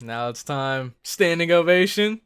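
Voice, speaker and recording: A man giving casual reaction commentary, thinking out loud with lots of fillers and breaking into loud excited exclamations. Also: on the high side, a little slow, smooth. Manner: thinks aloud with many fillers. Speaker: anime reaction host.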